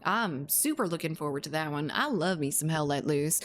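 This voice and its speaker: A woman's voice: sits low, lively intonation, moderate pace. A woman game streamer in casual live-stream chat, laughing often, swearing freely and answering her viewers.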